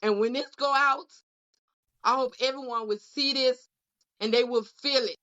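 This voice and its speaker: A woman whose voice sits high speaks at a moderate pace, her bright, forceful tone keeping a fairly even intonation. She's co-hosting for a union caucus and offering heartfelt closing remarks to a podcast panel, emotionally repeating lines like a preacher. The audio is dull lo-fi.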